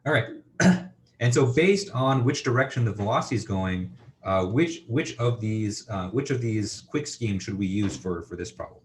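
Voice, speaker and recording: A man's voice: lowish voice, animated, normal speed, a little hiss or hum. A man giving a university engineering lecture, thinking aloud with lots of fillers and checking in with students.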